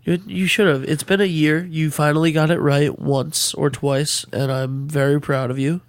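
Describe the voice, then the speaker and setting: Teasing higher-voiced podcast co-host man. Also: level tone, normal speed, no room sound. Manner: teasing and playful. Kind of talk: casual podcast chat.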